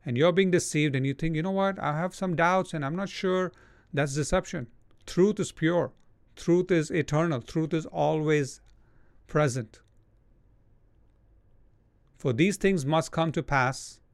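A man's voice: a little high, no room sound. A man preaching a sermon, hammering repeated commands and mimicking whining people. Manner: forceful, repetitive exhortations, mocking whiny voices.

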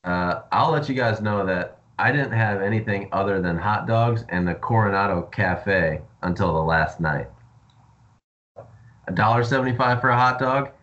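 A man's voice: fairly low pitch, moderate pace, fairly bright tone. A man co-hosting a podcast in casual chat, teasing the others with dry humor. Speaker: podcast co-host. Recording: dull lo-fi audio.

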